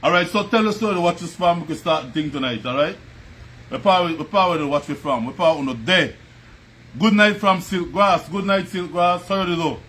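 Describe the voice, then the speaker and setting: A man with a Belizean Creole English accent hosts a casual stream at home while music plays. His high-pitched voice is a bit bright and a little fast, and there's a little hiss or hum. He keeps chatting, laughing often and naming viewers as he greets them.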